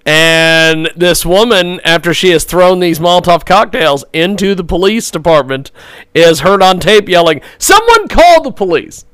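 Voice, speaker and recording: A man's voice: a little high, fairly even intonation, normal speed, fairly bright tone. A man hosting a talk show, laughing often and encouraging his guest, introducing segments in an amused way.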